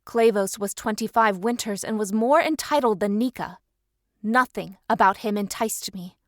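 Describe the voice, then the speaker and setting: A woman reading a first-person audiobook in steady storytelling narration. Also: mid-range voice, normal speed, dry recording, studio quality.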